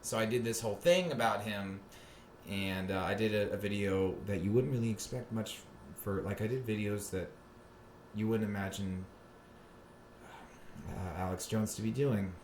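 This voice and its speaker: A man's voice: lowish voice, normal speed, long pauses, darkish tone, slight background noise. A man from South Florida hosting his own comedy podcast, talking in a rambling, profane, sarcastic way. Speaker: podcast host. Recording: roomy echo with faint ambience.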